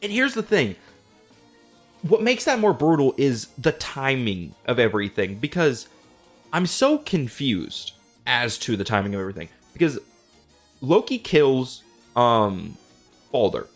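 Lively, profane young man riffing. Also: medium pitch, faint music behind. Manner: animated, profane, slangy, mimics characters in quick asides. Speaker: podcast host. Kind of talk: casual comedic retelling.

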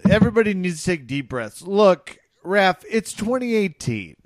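A man's voice: high voice, very animated, moderate pace, no echo. A man co-hosting a comedy podcast, chatting casually with dry, wry quips. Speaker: podcast co-host.

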